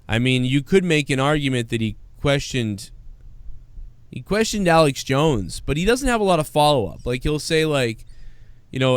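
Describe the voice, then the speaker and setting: A man's voice: medium pitch, lively intonation, moderate pace, clean tone, no room sound. A man hosting a live stream, chatting casually, rambling and swearing, and reading out viewer donations. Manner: rambling, profane, reads out donations. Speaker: show host.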